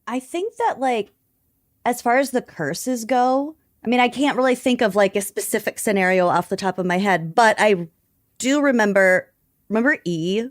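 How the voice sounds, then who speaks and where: A woman co-hosting a casual podcast, relaxed and reactive, dropping in quick interjections. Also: fairly high pitch, dry recording, studio quality. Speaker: podcast co-host. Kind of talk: casual chat.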